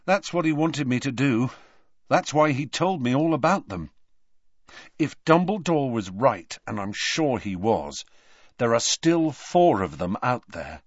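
A man's voice: mid-range voice, big pitch swings, unhurried, slightly rough, no room sound, highs cut off, voice pushed up. A man voicing a determined, defiant teenage boy in an audiobook. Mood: earnest.

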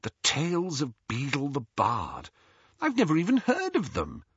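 A man voicing a bright, bookish teenage girl with a crisp, matter-of-fact manner in an audiobook reading. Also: fairly high pitch, huge pitch swings, moderate pace, dry recording, voice pushed up, full character voice. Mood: brisk. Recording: dull lo-fi audiobook recording.

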